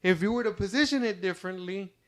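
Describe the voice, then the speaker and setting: A man's voice: sits high, fast, a bit bright. A man, a stand-up comedian, in casual podcast chat, rambling with frequent swearing and stammered restarts.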